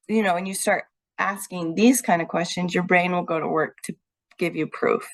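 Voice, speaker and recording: A woman's voice: on the low side, moderate pace. A woman hosting a podcast in casual chat, frank and upbeat with some casual swearing. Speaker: podcast host.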